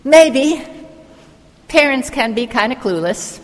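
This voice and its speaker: A woman's voice: sits high, expressive, takes it slowly, big-room sound. A woman preacher giving a sermon as a vivid, imaginative retelling of a story.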